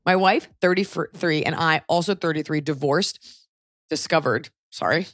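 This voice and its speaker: Woman host reading a listener letter, lively comic asides, close dry mic. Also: low-pitched, normal speed, no echo. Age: young adult. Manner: animated, breaks off for comic asides. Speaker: podcast host. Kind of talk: casual podcast chat, reading a listener letter aloud.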